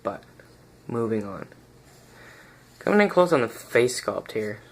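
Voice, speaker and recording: A man's voice: lowish voice, sing-song, unhurried, slight background noise. A man giving a casual, rambling toy review recorded on a phone, often stopping to search for the right word and restarting his sentences.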